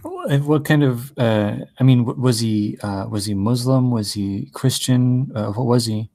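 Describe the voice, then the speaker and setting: A man's voice: medium pitch, measured pace, mellow, no echo. A man hosting a casual talk, asking curious questions and rambling with self-interruptions. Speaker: podcast host.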